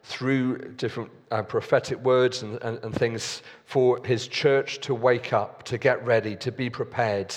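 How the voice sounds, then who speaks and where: A man preaching a sermon as pastor, earnest and deliberate with pauses and fillers. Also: medium pitch, fairly even intonation. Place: church hall. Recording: long reverb of a church hall.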